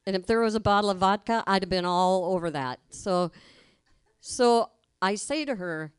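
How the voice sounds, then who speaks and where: A woman's voice: medium pitch, moderate pace, clear, resonant tone, no echo, studio quality. A middle-aged woman telling a personal story live on stage, colloquial, laughing as she goes and acting out the voices she quotes. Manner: colloquial, laughs through her own story.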